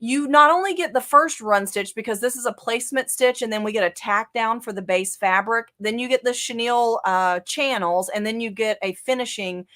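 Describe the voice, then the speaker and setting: A woman with a Southern US accent hosts a live software lesson. She talks in a casual, conversational way, thinking aloud and dropping in "um"s and "okay"s as she clicks through each step. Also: a little high, normal speed, few pauses. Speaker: software instructor.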